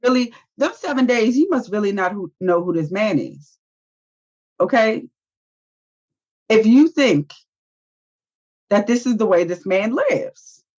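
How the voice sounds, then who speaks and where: A woman, co-hosting a casual reality-show review and retelling scenes with sassy, animated asides. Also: mid-range voice, measured pace, long pauses. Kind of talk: casual chat. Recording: dull lo-fi audio.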